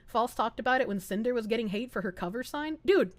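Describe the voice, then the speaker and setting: High-pitched, lively young Southern woman streamer, bursts of laughter, casual swearing, dry close sound. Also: fairly quick, dry recording. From American South. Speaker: VTuber streamer. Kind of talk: casual stream chat, reading chat aloud.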